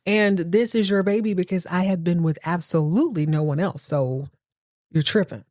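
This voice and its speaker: A woman's voice: fairly low pitch, moderate pace, darkish tone, dry recording, natural voice. Woman acting out a slangy soap-opera woman, sassy retorts, dry sound. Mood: defiant. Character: stunned then defiant pregnant soap-opera woman.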